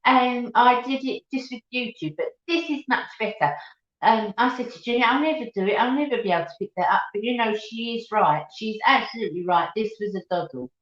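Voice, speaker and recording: A chatty woman with a Cockney accent hosts a live stream, her voice sitting a little high. She rambles warmly to her viewers and calls them darling and sweetheart. The sound is roomy and dull, like a lo-fi home stream. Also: brisk. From East End of London. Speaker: beauty channel host. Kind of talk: casual live-stream chat.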